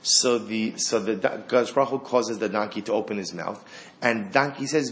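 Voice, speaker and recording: A man teaching a Torah class, animated, asking rhetorical questions and acting out the lines of the story. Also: on the low side, normal speed.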